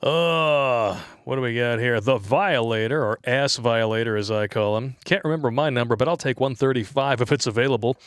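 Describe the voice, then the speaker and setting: A man's voice: mid-range voice, moderate pace, hardly any pauses, smooth, no echo, studio quality. A man co-hosting a casual livestream, joking, laughing often and reading viewer donations and comments aloud.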